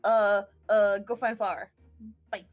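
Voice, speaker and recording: Woman, rambling recap, mid-pitched, casual, soft music underneath. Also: level tone, unhurried, dull audio. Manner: scattered, restarts often, swears, laughs easily. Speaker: podcast player giving recap.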